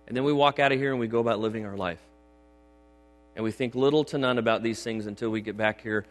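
Quick-paced but given to long pauses, a middle-aged pastor with a lowish voice preaches emphatically and conversationally, often engaging the congregation. The sanctuary's long reverb and a mains hum are audible.

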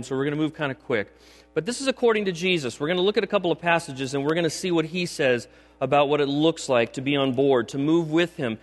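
A middle-aged man preaching a sermon in a church, emphatic and conversational, often checking in with the congregation. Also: fairly high pitch. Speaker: pastor. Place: church sanctuary. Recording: long hall reverb with mains hum.

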